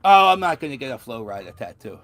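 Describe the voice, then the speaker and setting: A man's voice: medium pitch, very animated, fast talker, fairly bright tone, dry recording. A man from Philadelphia with a Philadelphia accent, telling a story in a casual vlog, rambling with restarts and the odd swear word. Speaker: vlogger.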